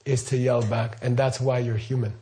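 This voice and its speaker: This is a middle-aged man with a mellow, mid-range voice, moderate pace, and little pitch movement. He's a Buddhist teacher whose informal talk wanders, punctuated by questions to listeners and plenty of "okay" and "right."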